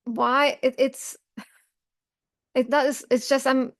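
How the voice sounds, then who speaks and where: A woman's voice: high voice, level tone, slow pace. Earnest woman coach, video call audio. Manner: earnest, warm-hearted, smiling while talking about grief. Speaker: self-help coach. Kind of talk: casual talk to camera. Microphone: video call recording.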